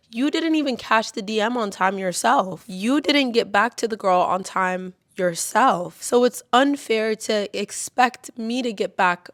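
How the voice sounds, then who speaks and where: A woman's voice: on the high side, a little slow, few pauses, a bit bright, dry recording, studio quality. A woman with a sick voice recording a voice-over, pointedly laying out a timeline. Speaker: vlogger. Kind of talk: voice-over added in editing.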